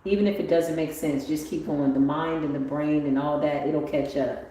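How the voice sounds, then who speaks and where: A woman giving a motivational spiritual talk on a livestream, animated and swinging up into excited exclamations. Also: low voice, normal speed. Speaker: spiritual tarot reader. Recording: very echoey room with faint ambient noise.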